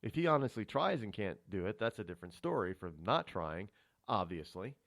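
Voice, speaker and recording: A man's voice: fairly quick, creaky. A man hosting a radio talk show, rambling through a solo monologue of political commentary with many restarts. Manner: rambling, restarts often, animated pitch swings. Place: radio studio.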